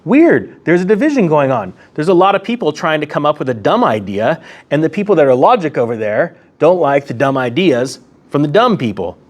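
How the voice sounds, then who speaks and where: A man's voice: fairly high pitch, a little fast. A man hosting his own economics commentary vlog, talking casually and sarcastically from a room near a window. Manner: sarcastic, animated, laughs at own jokes. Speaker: host of an economics commentary channel.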